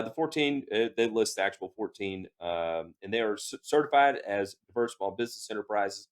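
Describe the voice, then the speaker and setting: A man co-hosting a podcast, reading news items aloud and breaking off into animated personal anecdotes. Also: mid-range voice. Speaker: podcast co-host.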